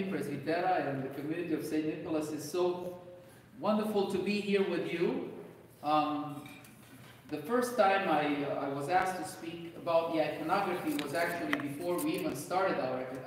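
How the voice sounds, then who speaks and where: Man with Romanian accent, priest lecturing, slightly high voice, echoey hall, distant mic. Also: slight background noise. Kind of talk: parish lecture. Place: large echoey church hall.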